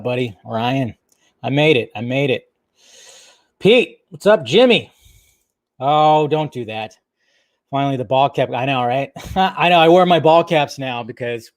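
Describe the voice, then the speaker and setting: A man's voice: mid-range voice, unhurried, no echo, clean studio sound. A man hosting a casual live stream, chatting and joking while he greets viewers by name.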